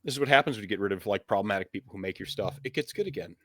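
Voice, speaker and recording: A man's voice: lowish voice, lively intonation, very fast, dry recording, studio quality. A man as game master, chatting in a rambling way with many fillers, then narrating a scene. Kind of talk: casual chat and game narration.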